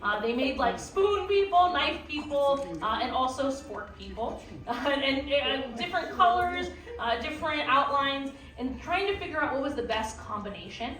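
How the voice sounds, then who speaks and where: A woman's voice: high voice, animated, normal speed, few pauses, fairly bright tone. A young woman who teaches art, leading a live drawing class, chatty and playful, with lots of fillers. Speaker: art instructor. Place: theme park art classroom with audience. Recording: echoey room from far off.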